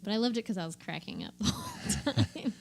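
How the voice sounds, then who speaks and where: A woman's voice: lowish voice, huge pitch swings, a little fast, creaky. A young adult woman, a comedian, chatting casually on a podcast, laughing often and swearing offhand. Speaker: comedian guest.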